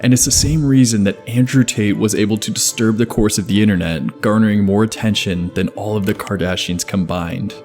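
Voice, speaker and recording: A man narrating a scripted video essay in a measured, even explanatory way. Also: lowish voice. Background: faint background music.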